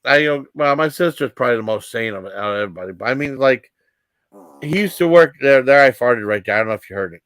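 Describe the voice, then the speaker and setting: A man in his fifties telling rambling personal stories as a vlog host, halting with many fillers and restarts. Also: medium pitch, lively intonation, a bit bright, no room sound.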